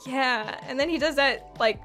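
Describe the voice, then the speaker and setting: A young woman streaming a game, excitable, laughing often and swearing freely as she chats with viewers. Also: high-pitched, moderate pace. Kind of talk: live gameplay chat. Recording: clear music behind her.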